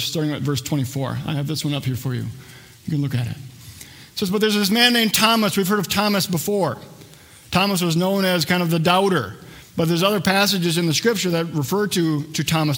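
Middle-aged male pastor, slightly high voice, lively storytelling sermon delivery. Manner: storytelling, acts out quoted lines in a lower, slower voice.

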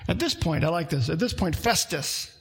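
A man preaching a sermon as a pastor, with animated delivery that climbs into emphatic bursts and asides to the congregation. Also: a little high, moderate pace.

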